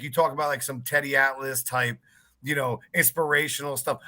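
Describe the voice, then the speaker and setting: A man hosting a casual podcast, his voice bright and a touch higher than most men's. He asks questions and reacts with enthusiastic, conversational energy over a video call. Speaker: podcast host. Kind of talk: casual interview chat.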